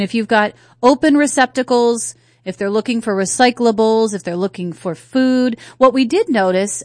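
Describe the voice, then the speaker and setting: A woman's voice: medium pitch, no room sound, studio quality. A woman from North Carolina hosting a talk radio show, chatting casually and asking her listeners rhetorical questions. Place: radio studio. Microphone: studio microphone.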